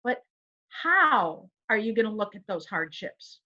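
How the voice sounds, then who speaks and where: Woman, co-host, bright voice, earnest, rhetorical questions, lo-fi call audio. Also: medium pitch, very animated, unhurried. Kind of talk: casual inspirational chat.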